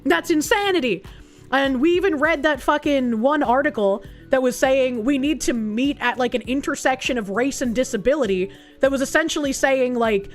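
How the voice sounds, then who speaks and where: Sarcastic, foul-mouthed woman streamer. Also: high-pitched. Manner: sarcastic, blunt, profane. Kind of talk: reading an article aloud and reacting.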